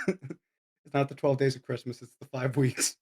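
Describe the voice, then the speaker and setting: A man joining a casual podcast chat, teasing and quick with jokes. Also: mid-range voice, little pitch movement, a little mellow, breathy edge. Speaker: podcast co-host.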